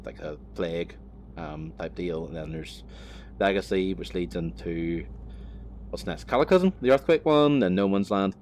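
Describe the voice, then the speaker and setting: A man with a low-pitched voice talks casually while driving, rambling from thought to thought. He swears often and laughs at himself. A faint hum sits under his voice. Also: darkish tone. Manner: rambling, swears freely, self-mocking. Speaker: vlogger. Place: driving a vehicle on the road.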